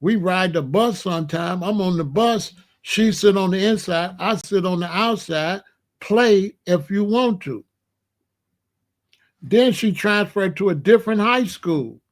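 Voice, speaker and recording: A man's voice: high-pitched, unhurried. A man in his late sixties, a show host, telling family stories in a casual, streetwise, boastful way with plenty of slang. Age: 60s. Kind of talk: casual storytelling monologue.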